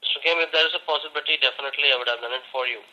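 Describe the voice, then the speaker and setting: A man's voice: mid-range voice, fairly even intonation, racing, sharp tone. A man working as a customer service agent on a phone call, polite and formal, apologizing and repeating the caller's name.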